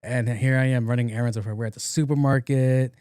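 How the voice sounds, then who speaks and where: A man's voice: medium pitch, steady tone, quick pace, warm tone, clear, resonant tone, dry recording, clean studio sound. A young adult man hosting his own podcast, telling funny stories in a casual, joking way and acting out both sides of the conversations. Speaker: podcast host. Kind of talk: casual solo podcast monologue.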